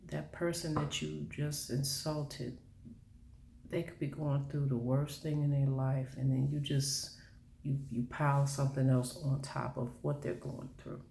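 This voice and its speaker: A vlogger speaking earnestly and encouragingly, in a soft, halting way with many pauses. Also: mid-range voice, level tone, vocal fry, slight background noise. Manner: earnest, encouraging, faith-based; soft-spoken, halting with fillers. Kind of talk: earnest motivational monologue. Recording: roomy echo.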